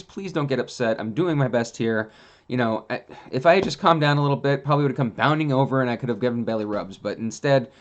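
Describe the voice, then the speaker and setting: A man hosting a casual monologue, telling rambling, animated stories with plenty of fillers. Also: mid-range voice. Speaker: host.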